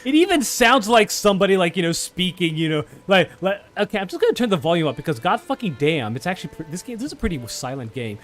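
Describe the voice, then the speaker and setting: Animated higher-voiced man chatting over gameplay. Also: quick pace, hardly any pauses, faint music behind. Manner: excitable, swears, rambling restarts. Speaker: let's play host. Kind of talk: casual gameplay chat.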